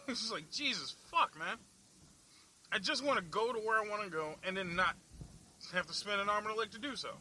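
A young man rants from behind the wheel, his voice high and cutting. He swears constantly and snorts at his own complaints. Faint background noise rides under his voice. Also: expressive, brisk, sharp tone, low-quality recording. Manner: angry, foul-mouthed, laughing at himself. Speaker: vlog host. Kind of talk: profane ranting while driving. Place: in a car in the city.

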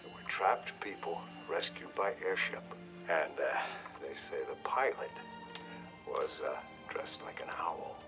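A man's voice: very deep voice, animated, a little slow, full character voice. An actor playing an old retired male ex-hero, chatting fondly and chuckling on the phone, in a film clip with music. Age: older.

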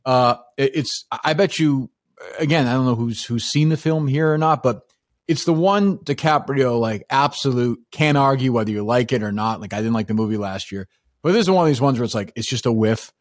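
A man's voice: medium pitch, a little fast, no room sound, studio quality. A man co-hosting a casual movie podcast, blunt and opinionated, rambling through his points. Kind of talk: casual movie-discussion chat.

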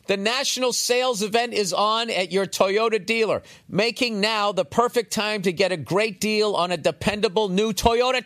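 Man doing an upbeat ad read. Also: high voice. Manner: energetic, salesy. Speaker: podcast host reading an ad.

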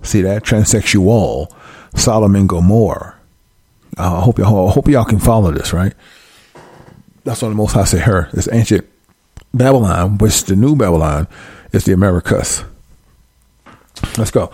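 A low, gravelly man preaches in an easygoing way, stretching each verse out slowly before dropping into quick asides. His voice is husky and rough-edged. He keeps asking his listeners whether they follow. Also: darkish tone, no echo, clean studio sound. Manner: drawn-out verse reading mixed with quick asides. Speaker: scripture teacher on a livestream. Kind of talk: casual preaching while reading scripture aloud.

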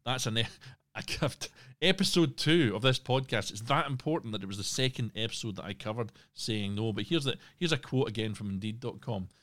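A man's voice: mid-range voice, fairly quick, fairly bright tone. A man hosting a solo podcast, talking casually with asides and restarts. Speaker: podcast host.

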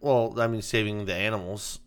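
A man's voice: fairly low pitch, fairly even intonation, a little fast, clear, resonant tone. A man co-hosting a podcast, chatting in a laid-back, wisecracking way. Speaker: podcast co-host. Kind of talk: casual chat.

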